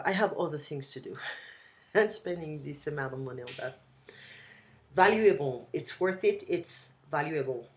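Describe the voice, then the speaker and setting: A language tutor with a French accent and a very deep voice teaches a student over a video call. In this casual one-on-one lesson she explains things slowly and repeats example phrases.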